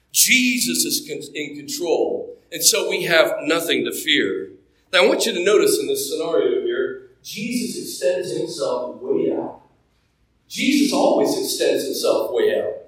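Texan male pastor, forceful sermon delivery, roomy echo. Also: sits high. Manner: emphatic preaching, repeats key phrases. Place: church sanctuary. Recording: echoey church room.

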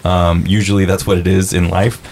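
A man's voice: sits low, level tone, a little fast, a little mellow, slight background noise. A young man chatting casually on a podcast, telling stories, saying dude a lot and swearing as he acts out what people said. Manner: laid-back storyteller, says dude a lot, swears, acts out quotes. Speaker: podcast guest. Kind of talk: casual chat.

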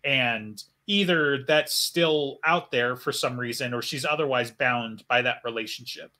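A man's voice: medium pitch, a little slow, bright, forceful tone. A man co-hosting a podcast in casual chat, rambling with many fillers.

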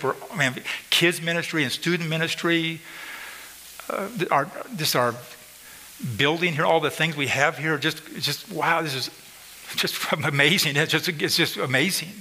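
Emphatic preacher man with a bright voice. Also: on the high side, long reverb tail, poor audio. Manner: emphatic preaching, repeats phrases, addresses congregation directly. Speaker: pastor. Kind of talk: sermon. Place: church sanctuary.

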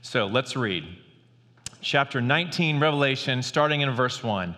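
A man's voice: medium pitch, animated, normal speed, pushed and bright, in a large hall. A man preaching a sermon as pastor, earnest in tone, reading scripture aloud with rising energy.

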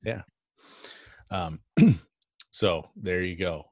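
A man co-hosts a casual podcast in a fairly low voice. He rambles, restarts his sentences and giggles often. The sound is dry, with no room echo. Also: lively intonation, drawn-out words, a little mellow. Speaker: podcast co-host. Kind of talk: casual chat.

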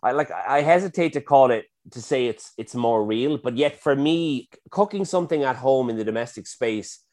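A man's voice: medium pitch, expressive, normal speed, a little mellow. Self-effacing man, rambling chat. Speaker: chef and guest. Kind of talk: casual conversational interview.

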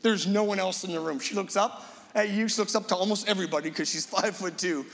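A man's voice: sits high, quick pace, gravelly, fairly bright tone, long reverb tail. A middle-aged male guest preacher giving a dramatic storytelling sermon, acting out imagined voices.

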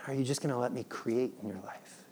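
A man in his thirties, a father, preaching a sermon in an animated, playful way and acting out his children's pleading. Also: medium pitch, fairly quick, slight background noise. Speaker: pastor.

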